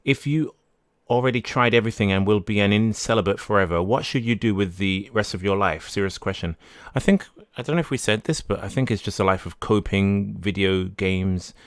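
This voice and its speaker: Low smooth-voiced man hosting a stream. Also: no echo, clean studio sound. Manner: rambling, restarts sentences, corrects himself often. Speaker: livestream podcast host. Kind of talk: casual live-stream talk, reading viewer messages.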